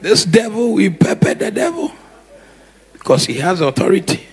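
A man preaching a sermon, animated, acting out scenes with shouts and laughter. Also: sits high, moderate pace, creaky. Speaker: pastor.

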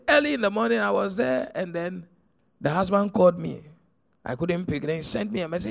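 A middle-aged man, preaching a sermon as pastor, telling stories and swinging from hushed to shouted. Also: high voice, animated, brisk, creaky, some chatter behind.

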